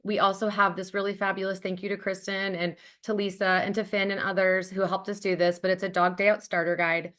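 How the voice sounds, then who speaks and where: A woman's voice: medium pitch, flat delivery, brisk, few pauses, fairly bright tone. A woman presenting her charity's program on a webinar over a video call, talking in an enthusiastic, conversational way with frequent ums and likes.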